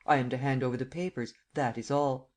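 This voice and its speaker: A man reading an audiobook and voicing a mocking, cocky gentleman thief who climbs high and loud when he teases or rages. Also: a little fast, close to an everyday voice. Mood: calm. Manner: teasing, lively, rising to shouts.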